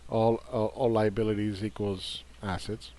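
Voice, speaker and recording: A man's voice: lowish voice, flat delivery, a little slow, warm tone. Combative man on market commentary. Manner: combative, dismissive, repeats words for emphasis. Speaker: investing commentator.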